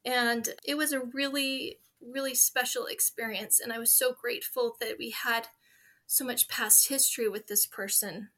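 An earnest woman in her forties talks warmly and sincerely as a podcast guest. Her voice sits a little high and rings bright. She speaks in a heartfelt, conversational way. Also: steady tone, normal speed. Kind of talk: conversational interview.

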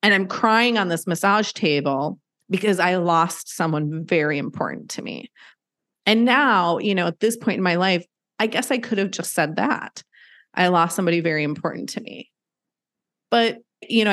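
A woman's voice: on the low side, expressive, normal speed, fairly bright tone. A middle-aged woman telling a personal story in candid conversation, earnest and emphatic, acting out what people said. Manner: earnest, emphatic, acts out quotes. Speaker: guest sharing pet loss story.

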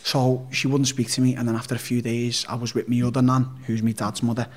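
A man's voice: mid-range voice, little pitch movement, quick pace. A man with a Liverpool accent, telling a personal story as an interview guest in a blunt, sweary, rambling way. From Liverpool, England. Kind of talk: casual storytelling.

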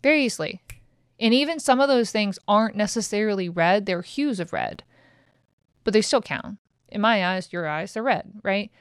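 A woman's voice: medium pitch, animated, moderate pace, clear, resonant tone, no echo, clean studio sound. A middle-aged woman who hosts a podcast, talking frankly and casually and swearing now and then. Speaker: podcast host. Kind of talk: casual motivational chat.

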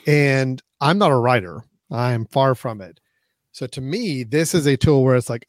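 A man's voice: mid-range voice, normal speed, no echo. Rambling male co-host, dry sound. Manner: rambling, many restarts, laughs easily. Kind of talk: casual tech chat.

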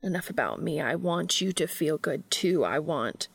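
A woman voicing an earnest, soft-spoken male angel who talks quietly and sometimes whispers. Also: deep voice, lively intonation, normal speed, creaky, slightly rough, full character voice. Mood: intense.

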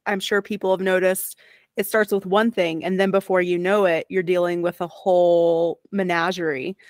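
A woman's voice: fairly low pitch, little pitch movement, moderate pace, no room sound, clean studio sound. A woman hosting an interview, cutting in politely and chatting in a casual, apologetic way. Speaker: host. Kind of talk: conversational interview.

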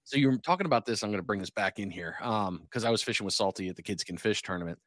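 Low-voiced, dry-sounding male podcast host. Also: racing, no echo. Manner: animated storyteller, acts out quotes. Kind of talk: casual fishing podcast chat.

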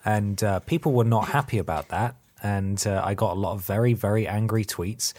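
A man's voice: lowish voice, a little fast, a little mellow. A man chatting casually as a podcast co-host, telling self-deprecating work stories. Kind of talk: casual chat.

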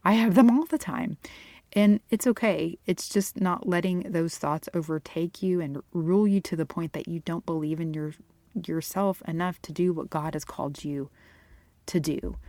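A woman's voice: fairly low pitch, mellow, no room sound. A middle-aged woman hosting a Christian fitness podcast, talking alone to her listeners in an earnest, encouraging way and laughing easily. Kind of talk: solo podcast monologue.

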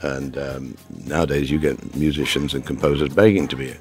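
A man's voice: extremely low pitch, fairly even intonation, moderate pace, darkish tone, faint music behind. A man from England answering interview questions in a thoughtful, rambling way with many asides. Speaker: guest expert.

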